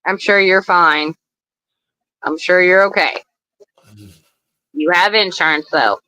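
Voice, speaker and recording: A woman's voice: lowish voice, takes it slowly, bright, forceful tone, no echo, rough recording. A woman co-hosting a casual livestream, chatty and reassuring as she relays viewer comments. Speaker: livestream co-host reading comments.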